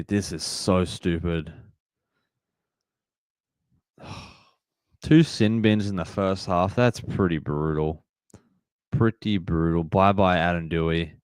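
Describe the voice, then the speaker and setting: Reading chat aloud and reacting to plays, a young livestream host vents his frustration at the calls during a sports watch-along. He has a low, clean-toned voice, recorded dry at studio quality.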